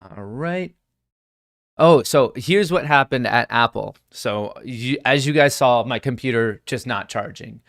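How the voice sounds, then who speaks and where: A young man hosting a livestream, telling a story in an animated, exasperated way. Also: mid-range voice, measured pace, vocal fry, no room sound, clean studio sound. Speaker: livestream host. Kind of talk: casual storytelling to viewers.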